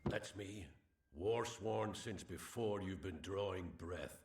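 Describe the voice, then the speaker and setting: A gruff Scottish veteran warrior. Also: male voice, low voice, slow, soft background music. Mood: stern. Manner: thick exaggerated brogue, stern and formal. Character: gruff veteran male mercenary warrior, proud. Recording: game audio from afar, roomy.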